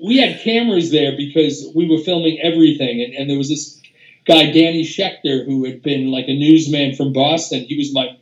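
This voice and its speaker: An older man, a music producer appearing as an interview guest, tells casual anecdotes, rambling with restarts, fillers and swearing. His voice sits on the high side at a moderate pace, and the lo-fi recording has a roomy echo.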